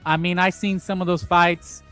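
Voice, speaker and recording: A man hosts a casual boxing talk livestream in a slightly higher-than-usual voice. He rambles bluntly, trips over restarts and drops crude asides. Faint music plays underneath. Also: flat delivery, moderate pace, pushed and bright, clear, resonant tone, no room sound. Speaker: boxing talk show host.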